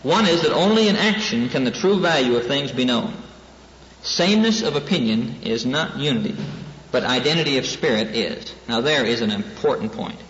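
In a preaching lecture to his class, a male minister speaks earnestly and repeats important lines for emphasis. His mid-range, slightly bright voice has lively intonation at a normal speed, captured in a dull, echoey hall with faint hiss.

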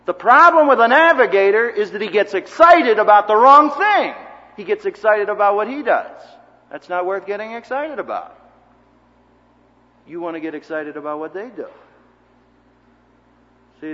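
Animated man preaching in an echoey hall. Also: sits high, moderate pace, long pauses, highs cut off. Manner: animated storyteller who acts out quotes. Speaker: seminary teacher. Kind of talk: sermon-style lecture.

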